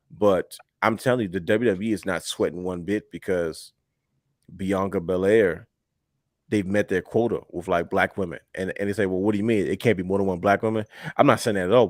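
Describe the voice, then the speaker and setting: A young man with a fairly low voice co-hosts a wrestling podcast in a dry, close sound. He talks in an animated, emphatic way and stacks up repeated words when he presses an argument. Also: no room sound. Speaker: podcast co-host. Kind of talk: casual wrestling podcast talk.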